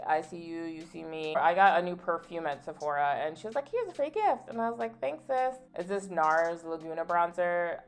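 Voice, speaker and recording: A woman's voice: lowish voice, gravelly. A young adult woman vlogging a casual get-ready-with-me chat, candid and full of "like", telling stories with playful indignation. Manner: chatty and candid, peppered with "like". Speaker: beauty vlogger.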